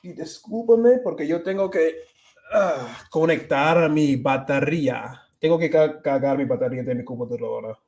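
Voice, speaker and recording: A man's voice: a little high, fairly quick, darkish tone. Man, livestream host, casual chat, rambling, restarts, mixes English and Spanish. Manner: rambling, many restarts and fillers, switches between English and Spanish; reads viewer comments aloud.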